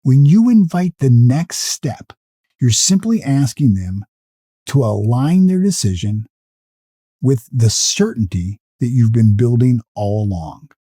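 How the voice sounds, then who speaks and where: Middle aged guy teaching cold calls, repeats himself a lot, pitch jumps all over. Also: expressive, takes it slowly, mellow, no room sound, studio quality. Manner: emphatic, repeats key phrases, stammers on restarts. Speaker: sales coach. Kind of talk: spoken sales lesson.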